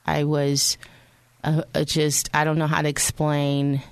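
A woman's voice: low-pitched, monotone, unhurried, smooth, no room sound. A woman hosting a radio show, telling a personal faith story in a chatty way and speaking straight to her listeners. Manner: chatty, addresses listeners directly.

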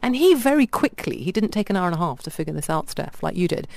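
Fast-talking woman, chatty storyteller. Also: lowish voice, very animated, vocal fry. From India. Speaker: radio guest reviewer. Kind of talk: casual radio chat.

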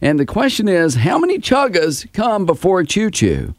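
A man hosting a morning radio show with a slightly high, very lively voice. He teases and stretches words for effect, close on a dry studio mic. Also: no echo. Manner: playful, teasing, drawn-out emphasis.

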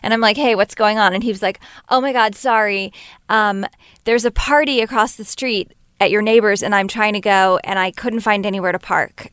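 A woman's voice: mid-range voice, normal speed, clear, resonant tone, no echo. Chatty woman with a dry close sound. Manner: chatty, laughs often, quotes others in lively voice. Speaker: guest singer-songwriter. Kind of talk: casual interview storytelling.

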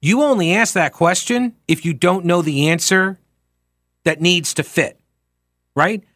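Man analyzing a trial in a lively, rhetorical way. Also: high-pitched, unhurried, no echo, studio quality. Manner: animated, acts out quoted speech with rhetorical questions. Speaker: talk show host. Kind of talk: commentary on a trial.

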